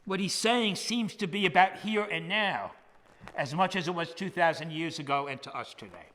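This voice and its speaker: An older man, a priest who was once a hospital chaplain, preaching a measured, emphatic sermon that drops to a hush on key words, in a church. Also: high-pitched. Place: church sanctuary. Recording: long church reverb.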